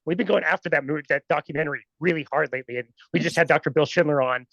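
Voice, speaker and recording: Quick-talking podcast host, keen interviewer, muffled dry lo-fi audio. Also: medium pitch, vocal fry, fairly bright tone, no room sound. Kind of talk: casual interview chat. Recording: dull, dry lo-fi sound.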